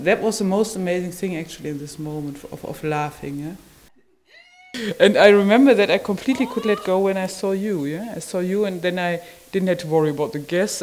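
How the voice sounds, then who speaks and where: A woman recalling a personal experience in conversation, halting and marvelling, often ending phrases with a questioning "yeah?". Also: fairly low pitch, a little mellow, a little hiss or hum, low-quality recording. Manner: wondering, marvelling delivery. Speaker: community member sharing an experience.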